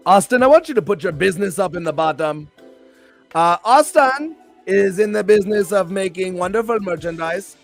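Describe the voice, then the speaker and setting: A man's voice: high voice, expressive, normal speed, gravelly, soft background music. A male host and pro wrestler chatting on a live stream show in a hyped, rambling, playful way.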